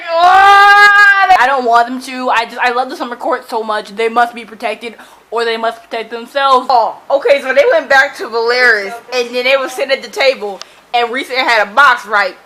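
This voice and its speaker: A young woman recapping a novel in an excited reading vlog, gushing and dramatic, breaking into screams and laughs between run-on summaries. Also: high-pitched, poor audio. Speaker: book vlogger.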